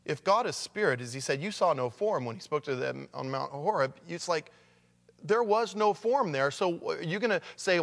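A man's voice: on the high side, animated, moderate pace, vocal fry, fairly bright tone. Man preaching in a reverberant hall. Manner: conversational preaching, reads scripture aloud with emphasis. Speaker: pastor. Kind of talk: sermon.

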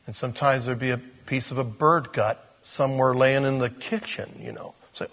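Middle-aged male pastor, husky, conversational humorous sermon. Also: medium pitch, expressive, a little fast, a bit bright. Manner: conversational and humorous, with acted quotes and laughs.

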